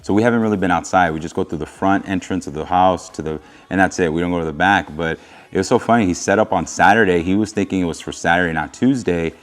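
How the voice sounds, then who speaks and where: A young adult man co-hosting, talking casually in a relaxed, earnest way. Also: low voice, quick pace. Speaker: co-host recounting his proposal. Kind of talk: casual chat.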